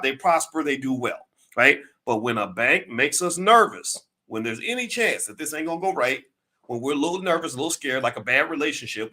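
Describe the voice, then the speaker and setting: A man giving an emphatic, preachy talk on finance, firing rhetorical questions and rising to near-shouts. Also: medium pitch. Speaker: finance commentator.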